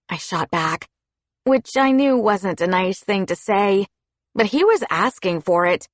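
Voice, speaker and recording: Slow, expressive woman audiobook narrator. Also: medium pitch, dry recording. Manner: expressive, storytelling. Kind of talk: first-person scripted narration.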